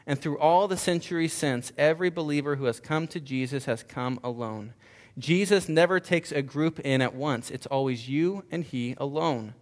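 A man speaks in a somewhat high voice at an ordinary pace, and a long reverb tail trails after his words. He is a pastor giving an earnest sermon, driving his points home with rhetorical questions he asks again and again.

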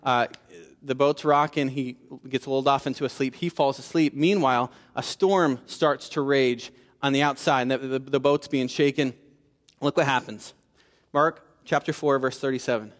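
A man preaching a sermon in a conversational style, building to emphatic peaks and dropping low for asides. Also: steady tone, normal speed, in a large hall. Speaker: pastor.

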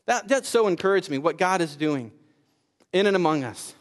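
High-voiced preacher in an echoing hall. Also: male voice, moderate pace. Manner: animated storytelling with frequent repetitions. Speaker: pastor. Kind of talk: sermon. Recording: reverberant hall.

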